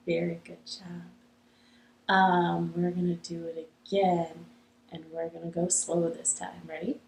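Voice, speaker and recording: A woman's voice: lowish voice, level tone, measured pace, creaky, reverberant, noisy background. A young woman hosting a children's library storytime from her living room, cheerful and encouraging, leading songs and games. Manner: cheerful, encouraging, sing-song.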